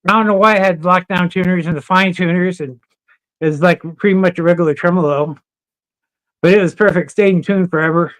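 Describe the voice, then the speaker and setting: A man with a high-pitched voice, talking fairly quickly with no echo, appears as a podcast guest. He tells casual, animated stories, swearing freely and laughing throughout the chat.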